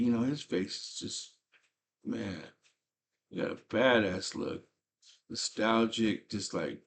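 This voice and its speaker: Host, male, low-pitched voice, casual slangy movie recap, excited storyteller. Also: breathy edge. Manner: animated, slangy storytelling with frequent fillers.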